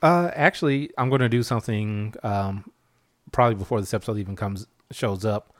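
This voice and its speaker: A man's voice: fairly low pitch, a little fast, dry recording. Male podcast host, easygoing, leads segments; dry, close sound. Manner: relaxed, joking, runs the show segments. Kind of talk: casual podcast chat.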